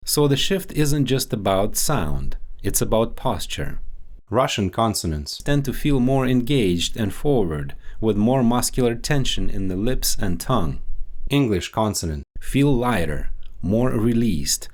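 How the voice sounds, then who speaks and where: A man speaking as a dialect coach, giving a measured, explanatory scripted instructional voice-over. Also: lowish voice, sing-song.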